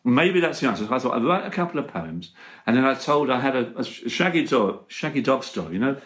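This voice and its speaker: Older man, comic poet, lively sing-song voice, laughs a lot. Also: medium pitch, fast talker. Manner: lively, rambling, laughs often. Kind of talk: casual chat and comic poetry reading.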